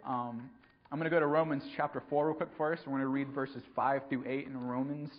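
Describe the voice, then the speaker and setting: A man preaching a conversational sermon, pausing often with ums and repeating words as he goes. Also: medium pitch, fairly even intonation, a little hiss or hum. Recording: dull lo-fi recording.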